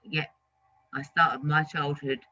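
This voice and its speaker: Emphatic man, fairly high and very bright voice, dry muffled sound. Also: takes it slowly. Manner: animated, emphatic, with repeated restarts. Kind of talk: casual discussion. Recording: dry, dull lo-fi audio.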